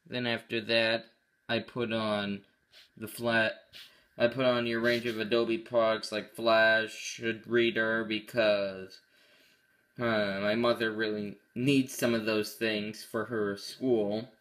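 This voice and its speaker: A man with a bright, clear voice talks casually through a computer demo. He rambles a little and often stops to correct himself mid-sentence. He sounds offhand and unpolished, like a hobbyist host. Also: fairly low pitch, little pitch movement, slow pace. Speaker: tech channel host. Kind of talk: casual screen-recorded tech walkthrough.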